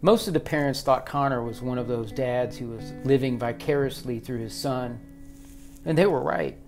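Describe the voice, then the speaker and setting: A man reads a story aloud in a steady, measured narrating voice of middle pitch. Soft guitar music plays faintly under him. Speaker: audiobook narrator. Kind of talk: audiobook narration.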